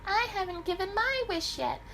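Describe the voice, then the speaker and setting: A woman voicing a small, sweet fairy from a fairy tale, speaking high and gently. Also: big pitch swings, moderate pace, gravelly, a little hiss or hum, exaggerated voice. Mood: earnest.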